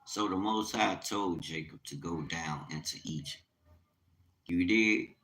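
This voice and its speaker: Deep-voiced man preaching with urgency. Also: measured pace, a bit bright, rough recording. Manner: reads scripture aloud and comments. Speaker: livestream Bible teacher. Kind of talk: livestream Bible teaching.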